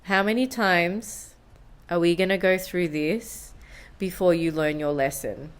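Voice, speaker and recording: A wise old spirit woman speaks in a hushed, calm murmur, as a woman puts her on. Her low, steady voice carries quiet authority and gentle reproach. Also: unhurried, smooth, lightly acted.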